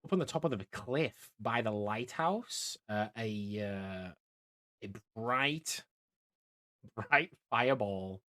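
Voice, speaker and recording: A man's voice: on the low side, lively intonation, takes it slowly, fairly bright tone. A man narrating a tabletop game as game master, rambling with many fillers and restarts.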